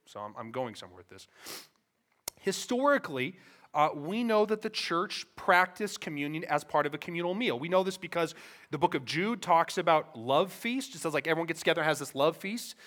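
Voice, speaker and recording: A man preaching a sermon in church, swinging from soft, quiet lines to loud, emphatic ones, with conversational asides and questions to the congregation. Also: fairly high pitch, lively intonation, fairly quick. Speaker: pastor.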